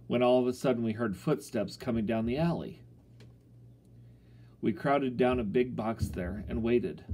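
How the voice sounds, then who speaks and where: A man's voice: medium pitch, mellow. A man narrating a first-person children's story in a folksy, boyish storytelling manner. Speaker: audiobook narrator.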